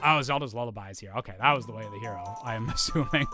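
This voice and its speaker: A gaming streamer talks to viewers at a racing pace in a mid-range voice. His chat is casual, upbeat and rambling, packed with fillers and restarts. Game music can be faintly heard in the background.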